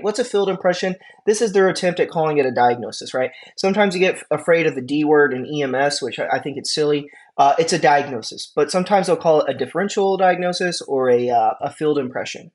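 A man, a paramedic instructor, giving a conversational classroom lecture. He often checks in with "right?" and "okay?" and acts out quick exchanges with patients. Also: on the high side.

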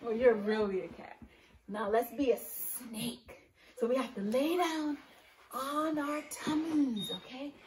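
A woman leading a preschool circle-time lesson, with an encouraging sing-song manner, speaking slowly and clearly to young children. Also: a little high, darkish tone, echoey room, distant mic, slight background noise, poor audio. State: out of breath. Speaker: preschool teacher.

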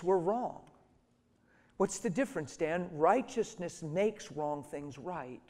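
A middle-aged man preaching a sermon through stories, dropping to hushed tones and then rising to loud, emphatic lines. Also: fairly high pitch. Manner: storytelling, swings from soft and hushed to loud and emphatic. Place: church hall. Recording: reverberant hall.

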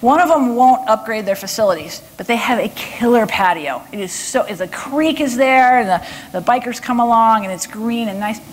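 A woman from Texas giving a lively conference talk to an audience, taking questions and often checking in with "okay?". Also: on the high side, moderate pace. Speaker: body language speaker.

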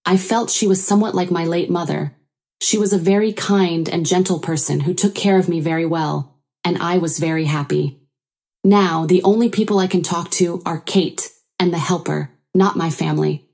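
A woman's voice: lowish voice, fairly even intonation, normal speed, a little mellow, breathy edge. A woman narrating a first-person story in an earnest, sorrowful way.

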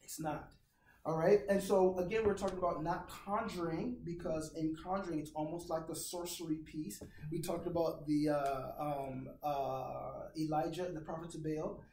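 A man's voice: a little high, fairly even intonation, a little mellow, slight background noise. Male pastor teaching in an echoey room. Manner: informal, joking, acts out quick voices. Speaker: pastor teaching a worship class. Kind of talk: casual conversational teaching. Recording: echoey room, far from mic, audience around.

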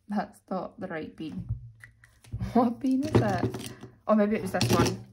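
A young British woman, a little hoarse, chatting casually as she counts out cash for her weekly budget. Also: mid-range voice, slow, background noise. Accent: British English. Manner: chatty, self-narrating, counting money aloud. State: slightly hoarse, losing voice. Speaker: budgeting vlogger. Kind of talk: casual chat while cash stuffing.

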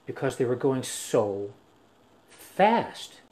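An older male musician hosts his own live stream, telling rambling stories between songs. His medium-pitched, darkish voice swings widely in pitch, and his speech is halting, full of restarts and fillers.

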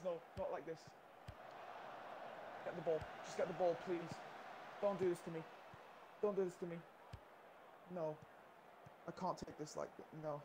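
A young man giving excited, pleading live commentary on his own football management game, swinging between despair and cheers. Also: on the high side, a little slow, long pauses, noisy background. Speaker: gaming YouTuber.

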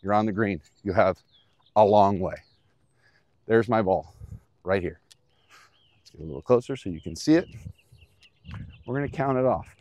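A man's voice: on the low side, normal speed, long pauses, a little mellow, dry recording. Upbeat man giving a golf lesson. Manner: upbeat, plain-spoken, talks to the viewer. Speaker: golf instructor. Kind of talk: casual on-course golf lesson. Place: outdoors on a golf course.

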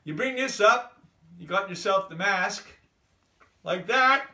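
An older man doing a hammy, deliberately bad English accent, high and bright in tone. He chats along with plenty of fillers as he demonstrates something at home. The sound is echoey and comes from a little way off the mic. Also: expressive, distant mic, exaggerated voice. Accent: put-on bad English accent. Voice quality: hammy, chatty, filler-heavy. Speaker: drummer. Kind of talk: jokey home demo video.

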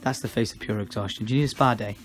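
A young man, chatting excitedly in a casual vlog and often breaking into laughter. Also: on the low side, over music. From England. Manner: excitable, laughing, quick exclamations. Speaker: vlogger. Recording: faint background noise.

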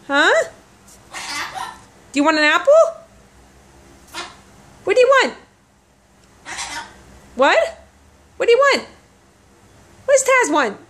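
A woman's voice: very high voice, very animated, takes it slowly, pauses often, sharp tone. A woman talking baby-talk to her pet parrot at home, coaxing and repeating short questions in a sing-song way. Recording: home video with clear background noise.

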